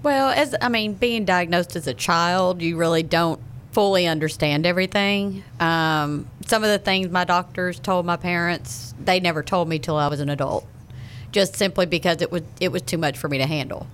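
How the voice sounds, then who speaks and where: A woman in her thirties, a guest on a radio talk show, speaking in a soft, matter-of-fact way. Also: lowish voice, moderate pace, slight background noise. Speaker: radio show guest, patient awaiting transplant. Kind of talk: radio interview.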